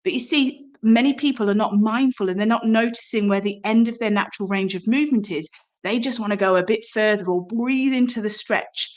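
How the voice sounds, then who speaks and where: A woman teaching somatic movement, explaining calmly and drawing the listener in with rhetorical questions. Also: fairly high pitch, a little fast.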